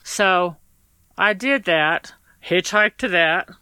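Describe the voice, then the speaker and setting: A woman's voice: lowish voice, slow, bright, forceful tone, smooth, no echo. A woman sharing a personal story as a podcast guest, blunt and profane, acting out the exchanges she recalls and close to tears.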